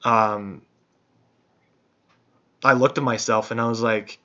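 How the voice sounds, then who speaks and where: A podcast host speaks slowly, pausing often, in a sharp-toned mid-range voice with fairly even intonation. His casual talk is rambling, profane, and soul-searching, told as introspective storytelling over dull, lo-fi audio.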